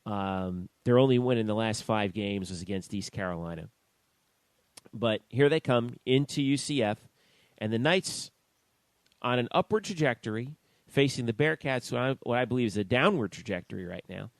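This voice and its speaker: A man co-hosting a sports talk podcast, reading out statistics in a slow, measured way. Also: fairly low pitch, no room sound. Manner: reads out stats in a slow, measured way. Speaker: podcast co-host.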